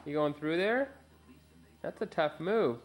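Slow, playful parent in baby talk. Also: medium pitch, lively intonation, faint music behind. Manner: playful, sing-song, coaxing. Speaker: parent filming their baby. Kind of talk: home video baby talk. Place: at home with a baby.

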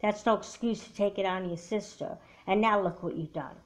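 A woman's voice: mid-range voice, normal speed, natural voice. A woman voicing a stern, disappointed mother in a homemade doll movie, speaking in a blunt, scolding way. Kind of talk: home doll-movie voice acting.

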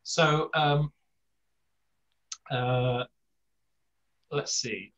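An older man teaching a Spanish class over a video call, talking slowly with many fillers and restarts. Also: medium pitch, fairly bright tone, husky, dull audio. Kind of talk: online language lesson.

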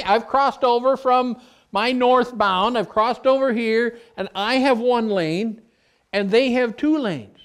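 Slow, conversational male pastor preaching. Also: very high-pitched, a bit bright, smooth. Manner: conversational, explains word meanings with everyday stories. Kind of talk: sermon.

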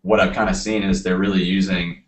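A man's voice: deep voice, brisk. A young man from Nashville, a band member being interviewed, chatting casually with lots of fillers. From Nashville, USA. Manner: relaxed, hesitant with many fillers.

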